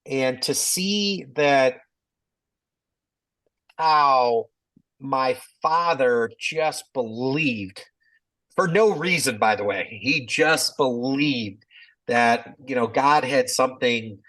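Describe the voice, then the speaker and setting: A man in his fifties speaks at an even middle pitch, talking things through in a loose, reflective way. He circles back often, filling pauses with ums and restarts as he tells a long personal story in an interview. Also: poor audio. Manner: reflective, rambling, many fillers and restarts. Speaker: physician and company executive.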